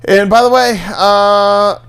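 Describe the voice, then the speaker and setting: A man's voice: high-pitched, fairly even intonation, slow pace, a bit bright, clean tone. A man co-hosting a casual show, reading entertainment headlines aloud and stumbling through mental math. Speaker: news-reading co-host. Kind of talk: casual entertainment news chat.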